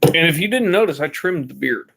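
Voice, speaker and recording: Laid-back young male vlogger, slightly high voice, loose rambling delivery with casual swearing. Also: lively intonation, fairly quick, vocal fry, fairly bright tone. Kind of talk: casual vlog chat.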